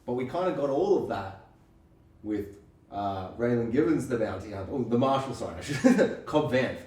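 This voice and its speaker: A man co-hosting a podcast, chatting casually and acting out scenes with quick impressions. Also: mid-range voice, recorded from a distance. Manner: animated, acts out scenes in quick impressions, swears. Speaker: podcast co-host. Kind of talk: casual chat. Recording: echoey room, off-mic.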